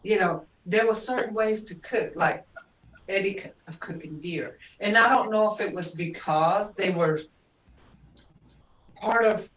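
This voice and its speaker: Over a video call, an older woman with a lowish voice teaches a language class, patiently drawing out words to model their pronunciation. She sounds roomy and far from the mic, with a little hiss or hum.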